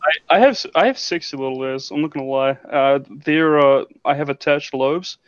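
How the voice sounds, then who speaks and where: A man's voice: fairly high pitch, fairly quick, smooth. Goofy man on a dull, lo-fi line. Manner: goofy, self-mocking. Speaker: guest. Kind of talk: casual livestream chat. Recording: dull lo-fi sound.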